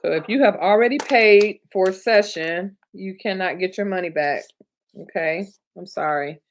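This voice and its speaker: A woman in her 30s or 40s from Michigan hosts a casual livestream, chatting warmly with her viewers, responding to chat, laughing often and sometimes getting emotional. She trains notary signing agents. Her voice is mid-range and her pace moderate.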